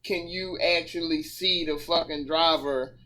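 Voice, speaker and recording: A man's voice: a little high, steady tone, a little slow, pushed and bright, rough recording. A man in casual podcast chat, chiming in with blunt, profane remarks. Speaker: podcast panelist.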